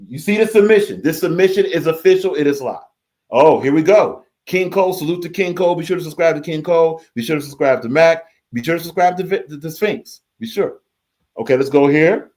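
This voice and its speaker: Animated man hosting a live stream. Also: on the high side, a little fast. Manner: animated, repeats phrases, reads chat comments aloud. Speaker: livestream host reading chat. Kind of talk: casual live reaction stream.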